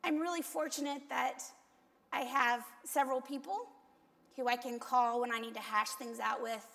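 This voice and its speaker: Woman pastor preaching casually, high voice with some fry, long echo in a big church. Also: fairly even intonation, moderate pace, a bit bright. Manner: candid, self-deprecating storytelling. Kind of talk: conversational sermon. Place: church sanctuary.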